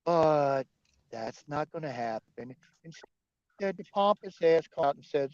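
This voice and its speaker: A man's voice: a little high, lively intonation, unhurried, a little mellow, clean tone, no room sound. A man ranting angrily on a livestream, cursing often and arguing with his chat. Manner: profane, angry, argumentative. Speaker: livestream host. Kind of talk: heated livestream rant. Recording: dull, dry lo-fi stream audio.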